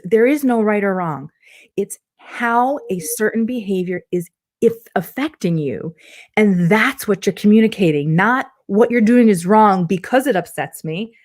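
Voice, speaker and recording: A middle-aged woman relationship coach answering interview questions in a lively way, acting out her clients' voices as she tells stories. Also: medium pitch. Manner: animated, acts out quoted clients in different voices.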